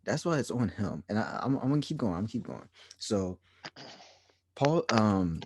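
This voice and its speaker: A man's voice: on the low side, darkish tone, no echo. Ranting man on a sports podcast. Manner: ranting, exasperated, repetitive. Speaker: podcast co-host. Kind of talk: heated sports podcast rant.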